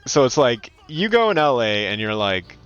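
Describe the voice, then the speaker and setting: A man from California chatting casually and swearing freely while streaming a game, now and then slipping into loud mocking voices. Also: mid-range voice, moderate pace, clear, resonant tone, muffled recording, faint music behind. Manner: animated, profane, slips into loud mocking voices. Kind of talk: casual gaming commentary.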